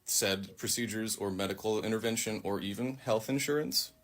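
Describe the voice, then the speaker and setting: A man with a very low voice makes an earnest, argumentative point in a casual monologue from a social media video. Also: moderate pace, a bit bright.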